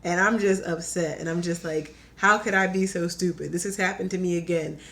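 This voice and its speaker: A young woman telling a personal story in casual chat, animated and full of "like", acting out her own quotes. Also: on the low side, fairly quick. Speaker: podcast guest.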